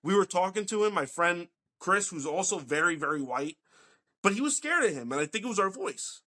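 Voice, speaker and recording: A man's voice: high voice, sing-song, a little fast, bright, forceful tone. A man, hosting a podcast and telling rambling, profane stories in casual chat. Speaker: podcast host.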